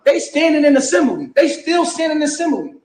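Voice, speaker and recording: A man's voice: very high-pitched, very animated, a little fast, darkish tone. A man venting in an agitated way, full of slang and repeating "bro". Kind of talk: heated venting to the camera. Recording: echoey archival clip.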